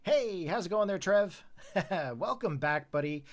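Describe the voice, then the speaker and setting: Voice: medium pitch, lively intonation, measured pace. A streamer giving playful live commentary while playing a game, laughing often and greeting viewers by name. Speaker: let's play streamer.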